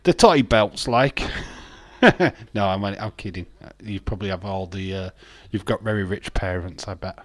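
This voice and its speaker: A man hosts a live watch-along stream, joking and teasing his viewers as he reads their messages aloud. His voice sits on the low side. The sound is dry and close, with no room echo. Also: level tone, normal speed. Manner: jokey, teasing, laughs often. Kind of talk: casual live-stream chat, reading chat aloud.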